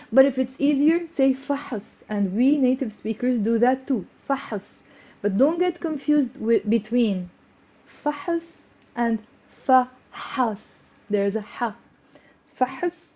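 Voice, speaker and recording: A woman teaching Arabic on a live stream, chatty and encouraging, greeting viewers and drilling words slowly. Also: on the high side, warm tone. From Lebanon. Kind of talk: live-streamed language lesson. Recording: dull lo-fi stream audio.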